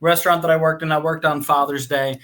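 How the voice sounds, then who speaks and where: A man who is a father, co-hosting a podcast and telling stories from restaurant work in a lively, profane, casual way. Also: fairly high pitch, fast talker. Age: adult father. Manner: animated, profane storytelling. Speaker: podcast co-host.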